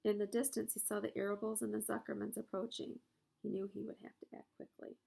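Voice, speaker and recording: A woman's voice: mid-range voice, little pitch movement, a little fast, gravelly, mellow, husky. A woman reading a children's novel aloud. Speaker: reader.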